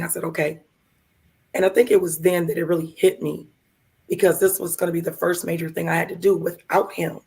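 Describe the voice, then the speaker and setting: A woman co-hosting a live show, telling a heartfelt personal story in a gravelly, hoarse voice and acting out the other people in it. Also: lowish voice, fairly even intonation, moderate pace. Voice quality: gravelly, hoarse from vocal cord lesions. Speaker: podcast co-host.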